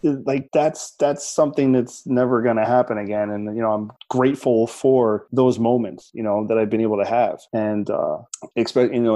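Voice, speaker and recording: Male podcast host, low-key mellow tone, loose rambling storyteller. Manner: rambling storyteller, many fillers and restarts. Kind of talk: casual podcast chat.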